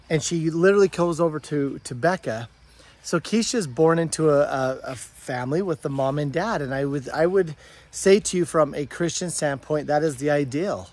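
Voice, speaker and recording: A middle-aged man talking casually and earnestly to camera outdoors on his farm, rambling with many restarts. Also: fairly high pitch. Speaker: homesteader vlogger. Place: outdoors on a farm, goat pen and orchard.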